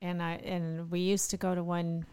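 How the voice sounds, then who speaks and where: A woman's voice: lowish voice, level tone, normal speed, darkish tone, smooth. A middle-aged woman co-hosting a morning radio show, chatty and agreeable. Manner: chatty, agreeable, lots of fillers. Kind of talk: casual morning show chat.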